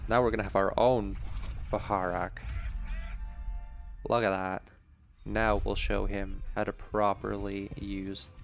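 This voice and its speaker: A man with a low, gravelly voice, casually talking through a video game playthrough. He speaks in a chatty, joking way while thinking aloud about his choices, and faint game music runs in the background. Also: little pitch movement, takes it slowly, long pauses. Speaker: gaming channel host. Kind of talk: let's play commentary.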